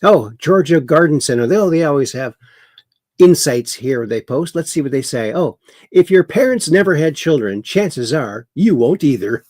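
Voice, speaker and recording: A man's voice: fairly high pitch, lively intonation, moderate pace, a little mellow, no room sound, studio quality. A man hosting a casual livestream, reading viewer comments aloud and mocking the news with chuckles. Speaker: livestream host.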